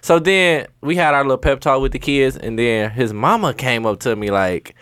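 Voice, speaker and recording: A man's voice: mid-range voice, moderate pace, a bit bright, smooth, dry recording, studio quality. A man on a casual podcast, telling a blunt, slangy story about coaching. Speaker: podcast co-host and youth basketball coach.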